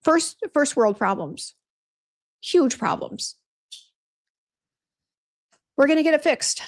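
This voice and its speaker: Chatty livestream host woman, gravelly voice. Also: sits high, expressive, slow pace. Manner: chatty, venting, reads viewer comments aloud. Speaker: beauty brand host on livestream. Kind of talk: casual livestream chat reading comments.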